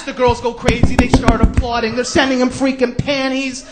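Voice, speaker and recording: A man from New York with a New York accent, doing a stand-up comedy routine with brash, sarcastic ranting and sudden shouts. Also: very high voice, flat delivery, normal speed, few pauses, noisy background. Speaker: stand-up comic.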